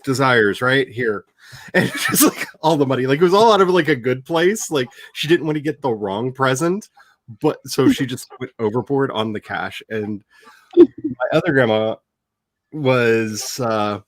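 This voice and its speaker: A man's voice: mid-range voice, a little slow, no echo. A man hosting a casual writing livestream, telling stories with lots of laughter and turning tender as he reminisces. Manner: animated storytelling, laughs often; turns tender and emotional when reminiscing. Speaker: author and stream host.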